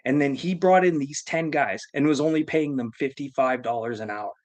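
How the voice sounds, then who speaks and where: A man spins a yarn on a live stream, swearing freely and circling back to repeat his points. His voice sits at an ordinary pitch, and his delivery is loose, crude and emphatic. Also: moderate pace. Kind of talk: profane comedic storytelling.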